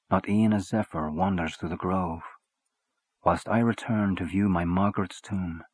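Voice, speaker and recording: A man with a fairly low, husky voice narrates a short story. His reading is measured and expressive. The recording is dry and close. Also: dry recording.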